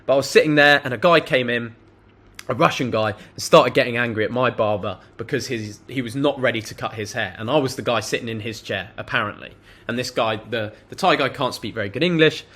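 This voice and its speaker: Young man, blunt talker, mid-pitched voice, swears casually, vlog advice. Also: brisk, fairly bright tone. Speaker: self-improvement vlogger. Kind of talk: direct-to-camera advice monologue.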